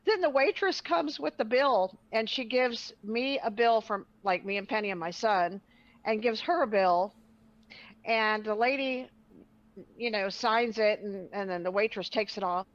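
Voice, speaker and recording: A woman tells a personal story in a relaxed, conversational way. She is animated and slips into the voices of the people she quotes. Her voice sits fairly high, and the recording sounds muffled and lo-fi. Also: unhurried. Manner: animated, acts out quoted voices, laughs often. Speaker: guest telling a personal story. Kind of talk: casual storytelling. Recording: muffled, lo-fi audio.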